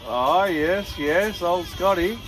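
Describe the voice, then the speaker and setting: A man's voice: high-pitched, slow. A middle-aged Australian man chatting with a friend, laid-back and dry. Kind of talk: casual chat. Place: campsite outdoors at night.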